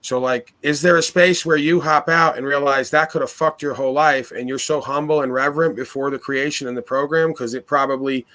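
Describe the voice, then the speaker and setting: A man's voice: mid-range voice, steady tone, brisk, hardly any pauses, sharp tone. A man hosting a casual talk, speaking with confidence and authority and piling up rhetorical questions.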